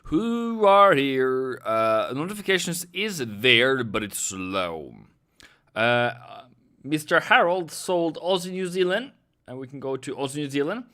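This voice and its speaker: A man's voice: mid-range voice, big pitch swings, a little slow, sharp tone. Chatty man streaming live trades. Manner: chatty, rambling, talks to viewers by name. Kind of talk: casual live-stream commentary.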